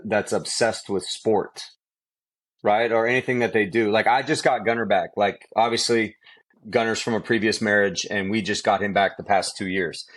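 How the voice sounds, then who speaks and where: A middle-aged man, a quarterback trainer, telling stories in a casual podcast chat, emphatic and repeating himself for effect. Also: on the low side. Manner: animated storytelling, emphatic, repeats phrases.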